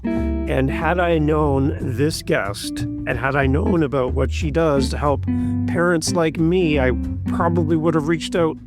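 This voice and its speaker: A man's voice: fairly high pitch, measured pace, over music. A man hosting a podcast, chatty, upbeat and jokey. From Canada. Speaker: podcast host. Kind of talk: casual chat.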